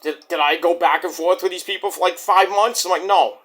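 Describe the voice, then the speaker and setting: A man's voice: high-pitched, fairly even intonation, brisk, a bit bright. A man, ranting bluntly and profanely in a rambling casual monologue as a vlog host.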